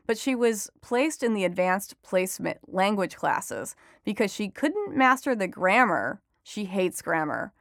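A woman entertainment reporter talks through an interview in a lively, storytelling way and laughs often. Her pitch sits mid-range for a woman, and the sound is close and dry, with no room around it. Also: unhurried, few pauses, dry recording. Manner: chatty, animated storytelling with frequent laughs. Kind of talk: conversational interview.

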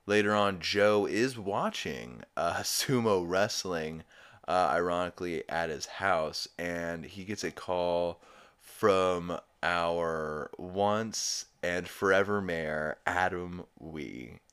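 A man's voice: low voice, takes it slowly, fairly bright tone, clean tone. A young man hosting a podcast, retelling an episode in a rambling, profane way, with laughs along the way. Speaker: podcast host. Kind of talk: casual episode recap.

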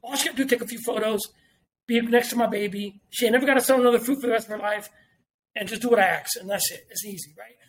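Fast-talking man, emphatic casual podcast guest, swears freely. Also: very high voice, a little hiss or hum. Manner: animated, emphatic, repeats himself, swears freely.

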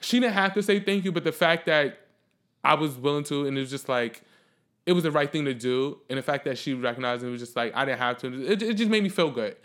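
A man telling a story in a casual vlog rant, profane and animated, swinging from loud outbursts to quiet reflection. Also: fairly high pitch, brisk.

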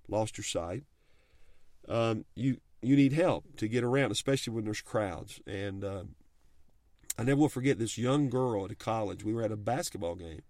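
A man's voice: medium pitch, no echo. Middle-aged guy talking faith and marriage, folksy and earnest, dry close sound. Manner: earnest and folksy, with many restarts and plain talk. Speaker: married Christian speaker sharing advice. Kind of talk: heartfelt talk on marriage and faith.

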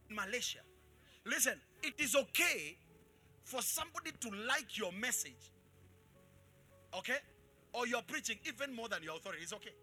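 A man preaching a live sermon to his congregation as pastor, calling out for responses and switching between shouts and quiet asides. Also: sits high. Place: church in front of a congregation.

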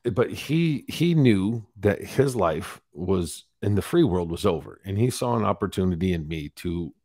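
A lower-voiced man in his forties speaks candidly as a podcast guest, recounting his story with animated, acted-out quotes. The sound is dry and close with no room around it. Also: a little slow, dry recording. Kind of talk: storytelling interview.

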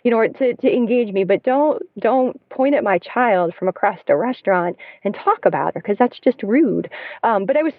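A woman's voice: medium pitch, animated, normal speed, no room sound. A woman in her thirties, a guest in casual conversation, talking in a chatty way with many fillers and restarts, recorded from her car. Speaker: podcast guest, parent. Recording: tinny phone-line sound.

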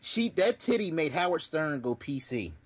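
A man co-hosting a podcast, trading crude jokes in casual chat and laughing readily. His voice is somewhat high and husky, with lively swings in pitch. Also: moderate pace, dry recording. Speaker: podcast co-host. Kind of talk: casual movie review chat.

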